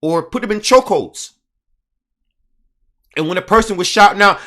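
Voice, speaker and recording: A man's voice: sits high, a little slow, pauses often, bright, forceful tone. A man giving indignant casual commentary, hammering his points with repetition and reading passages aloud from an article.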